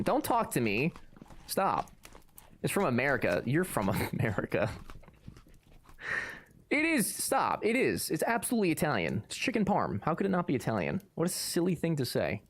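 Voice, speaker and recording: A man's voice: on the high side, huge pitch swings, brisk, fairly bright tone. A man streaming live, chatting casually and answering his chat with sarcastic, joking banter.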